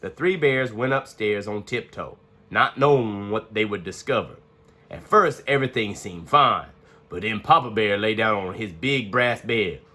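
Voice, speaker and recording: A man reading a children's picture book aloud in an expressive, playful manner. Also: fairly low pitch, moderate pace. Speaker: storyteller. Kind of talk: children's story read-aloud.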